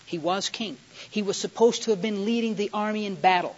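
A man's voice: sits high, a little fast, few pauses, a little hiss or hum. A man preaching a sermon, telling Bible stories in a folksy way and building to emphatic peaks. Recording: dull lo-fi sound.

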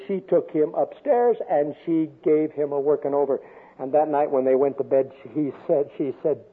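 An older man preaching a sermon with a storytelling manner, swinging from loud emphasis down to a soft hush. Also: a little high, moderate pace, slightly rough. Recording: tinny phone-like radio sound.

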